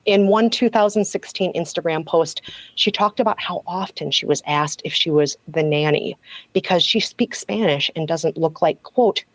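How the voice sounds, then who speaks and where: A woman's voice: sits low, normal speed, dry recording, poor audio. A woman guest on a podcast, telling a story in a sardonic, casual way and laughing often.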